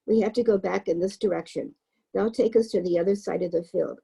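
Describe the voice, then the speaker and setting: A woman reading aloud, voicing a calm, brave schoolboy who stands up to bullies. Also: medium pitch, brisk, creaky, slightly rough, exaggerated voice.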